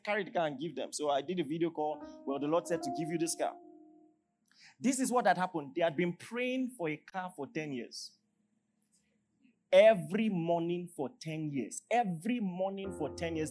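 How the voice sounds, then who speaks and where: Nigerian male pastor, lively pitch, sermon with soft music under it. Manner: animated preaching, swings from loud to hushed. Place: large church hall.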